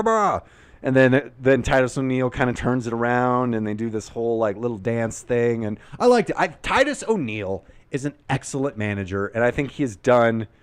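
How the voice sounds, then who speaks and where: A man's voice: mid-range voice, clean tone, no room sound. A man hosting a casual, unscripted recap of a show, rambling and opinionated and swearing freely. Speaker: YouTube wrestling recap host.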